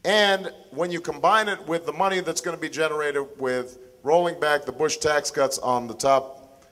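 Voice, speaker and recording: Man, forties, town hall speech, slightly high voice, measured pauses, reverberant hall. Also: fairly bright tone. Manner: measured, deliberate with pauses and restarts. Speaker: political candidate.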